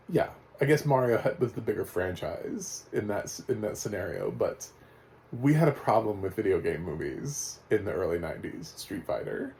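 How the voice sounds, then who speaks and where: Mellow-voiced man chatting through a review. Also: on the low side. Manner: rambling, chatty, laughs often. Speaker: movie reviewer. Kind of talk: casual spoken film review.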